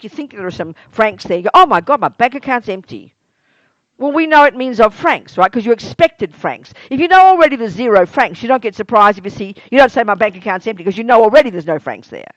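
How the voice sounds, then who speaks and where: A woman's voice: on the high side, fast talker, few pauses, dry recording. A woman meditation teacher giving a spiritual teaching talk, asking her listeners questions and acting out everyday exclamations to make her points. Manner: animated, asks listeners many rhetorical questions. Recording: dull lo-fi dry recording.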